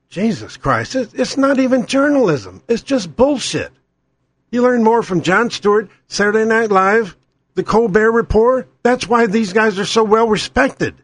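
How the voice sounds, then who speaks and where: A man's voice: sits high, expressive, moderate pace. A middle-aged man delivering an angry, profane, sarcastic political rant as a talk show host. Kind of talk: ranting political monologue.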